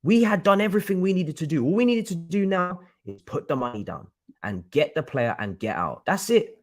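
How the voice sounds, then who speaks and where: A man's voice: on the high side, very animated, a little fast. A man ranting angrily on a live stream about his football club, swearing and repeating himself. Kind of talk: heated live-stream rant.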